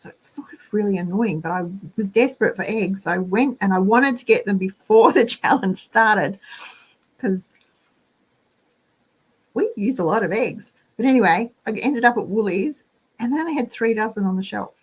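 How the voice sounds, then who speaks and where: With a husky, mid-range voice and moderate pace, this Australian host leads a casual chat. She tells rambling stories about everyday life in a chatty way, adding asides for the listener.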